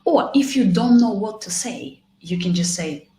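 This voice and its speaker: Lively woman teaching with an echo. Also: medium pitch, moderate pace. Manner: lively, models example answers with exaggerated intonation. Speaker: IELTS teacher. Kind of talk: online lesson.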